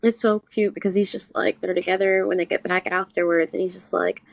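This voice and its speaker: A young woman with a fairly low voice, casually recapping a book on a podcast. She tells it in an animated way and slips into short character quotes. The sound is dry and close. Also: a little fast, creaky, dry recording, rough recording. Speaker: podcast co-host.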